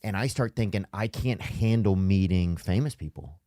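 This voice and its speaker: A man hosting a casual podcast chat, telling stories in a loose, halting way. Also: sits low, dark tone, dry recording, clean studio sound. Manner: loose, halting storytelling with trailing pauses. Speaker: podcast host.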